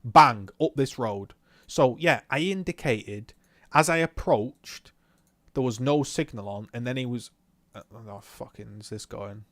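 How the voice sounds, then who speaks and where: A young man telling a story in a swearing, animated rant about a driving lesson, talking from his car. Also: mid-range voice, a little slow, no room sound. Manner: swears often, animated retelling. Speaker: vlogger. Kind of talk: casual ranting recount while driving.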